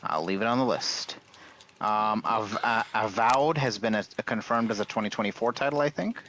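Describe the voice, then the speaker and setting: A man's voice: fairly low pitch, moderate pace, slight background noise. A man hosting a casual group chat, going through a list of games and pushing the others for answers. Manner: animated, hurrying the others along. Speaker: podcast host running a game rating list. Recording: dull lo-fi sound.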